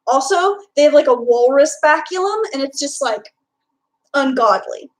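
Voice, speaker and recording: A woman's voice: high-pitched, expressive, moderate pace, poor audio. A young woman from Texas with a Texan accent, chatting casually on a live stream and answering her chat. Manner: chatty, reads and answers chat, filler-heavy.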